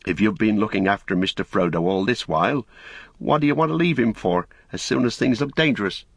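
A man's voice: on the low side, fairly quick, vocal fry, breathy edge, dry recording, clean studio sound. A man voicing a teasing, reproachful young hobbit woman in a storybook reading.

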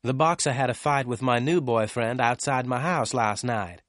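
A man's voice: mid-range voice, moderate pace, fairly bright tone, no echo, clean studio sound, voice pushed up, natural voice. A man voicing a polite receptionist and her boss answering the phone in an office.

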